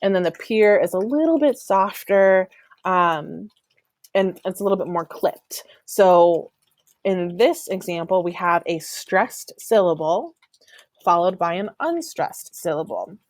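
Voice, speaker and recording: Lower-voiced woman teacher, dry sound. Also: lively intonation, unhurried, dry recording. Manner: explanatory, frequent "um" fillers, demonstrates stress patterns aloud. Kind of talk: recorded online class lecture.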